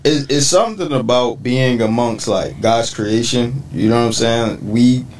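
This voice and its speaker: A man co-hosting a podcast, talking in a relaxed, reflective way with many affirmations. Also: mid-range voice, unhurried, far from the mic, slight background noise, low-quality recording. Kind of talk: casual chat.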